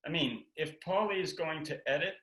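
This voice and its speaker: Man co-presenter, bright tone, anecdotal and jokey, roomy echo. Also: fairly high pitch, a little fast. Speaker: communication workshop speaker. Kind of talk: teaching talk with spouse.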